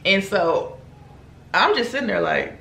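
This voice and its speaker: In an echoey room, a young beauty vlogger does her makeup while telling a long story, casual and animated, acting out other people's lines. Her voice sits in the mid range and moves a little slowly.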